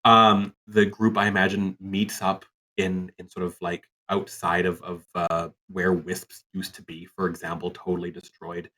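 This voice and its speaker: A man narrating a tabletop game as game master over an online call, relaxed and rambling. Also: deep voice, moderate pace.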